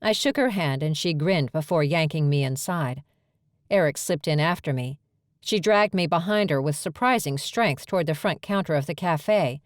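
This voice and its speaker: A woman narrating a first-person romance audiobook with clear, steady storytelling. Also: deep voice, moderate pace, no echo, clean studio sound.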